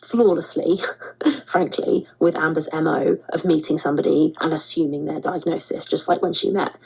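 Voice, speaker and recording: A woman host walks through a scripted commentary. Her voice sits low with a husky edge, and she hammers points home by repeating words. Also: flat delivery, brisk, low-quality recording. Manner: emphatic, repeats words for stress.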